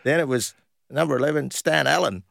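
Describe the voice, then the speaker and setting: Gravelly middle-aged man. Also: fairly high pitch, fairly quick, no echo, clean studio sound. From Western Australia. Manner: animated anecdotes with frequent laughs and fillers. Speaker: guest, former footballer. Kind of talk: casual storytelling interview.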